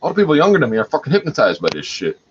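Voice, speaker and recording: A man's voice: a little high, wildly swooping pitch, rapid-fire. A man at home hosting a livestream, rambling in an agitated, profane way. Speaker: livestream host. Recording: dull lo-fi audio with faint noise.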